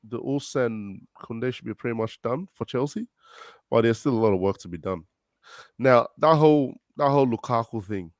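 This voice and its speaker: A man's voice: mid-range voice, no echo, clean studio sound. A man on a casual football chat who is sick, talking in a laid-back way with frequent chuckles. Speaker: panelist.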